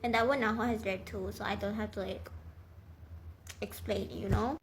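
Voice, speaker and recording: A woman's voice: medium pitch, fairly even intonation, normal speed, noisy background. A young woman rambling casually as she retells a story, with lots of fillers, swearing and laughter. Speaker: vlogger.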